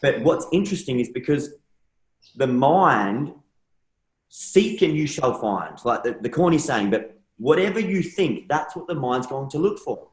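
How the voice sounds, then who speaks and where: Animated man in a roomy space. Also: medium pitch, a little slow. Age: young adult. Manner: animated storyteller, acts out dialogue in shifting voices. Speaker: interview guest. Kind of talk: casual conversational interview.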